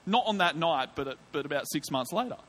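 An Australian man preaching from the pulpit, slipping into a story about his own past. His voice sits a little higher than most men's, and he acts out what he thought and said with lively, vivid delivery. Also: fast talker. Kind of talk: sermon testimony.

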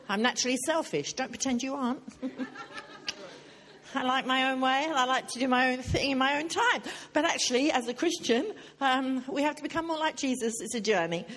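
A woman's voice: high voice, lively intonation, moderate pace, fairly bright tone. An older woman preaching a sermon in a chatty, joking way, putting questions to her audience.

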